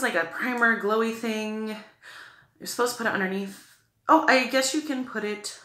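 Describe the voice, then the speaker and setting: Her voice low-ish, bright and forceful, a New England woman chats her way through a makeup tutorial in an echoey room. This beauty vlogger raves about the products and constantly says "like" and "okay."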